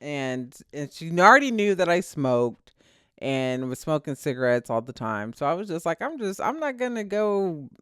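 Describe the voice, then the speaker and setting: A woman's voice: low voice, normal speed, clean tone, dry recording, studio quality. A middle-aged woman co-hosting a podcast with her son, telling stories in casual chat, laughing often and acting out quoted lines. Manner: animated storyteller, laughs often, acts out quotes. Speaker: podcast co-host.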